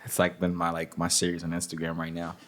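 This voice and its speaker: A man's voice: low-pitched, monotone, fast. A man talking casually as an interview guest, loose and profane, with lots of "like" and "you know.". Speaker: music industry guest.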